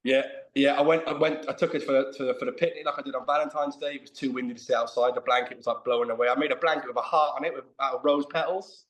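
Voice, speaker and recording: Male guest, animated storyteller, middle pitch, echoey room sound. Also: racing, few pauses. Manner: animated, self-mocking storyteller. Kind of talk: casual storytelling chat. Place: remote video call.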